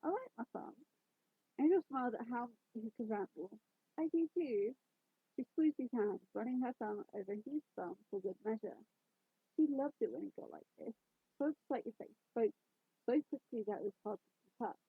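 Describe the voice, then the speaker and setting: A woman's voice: fairly high pitch, a little fast, husky, dry recording. A woman reading fanfiction aloud in a casual way, adding her own side comments, over a tinny, phone-like recording. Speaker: fanfiction reader.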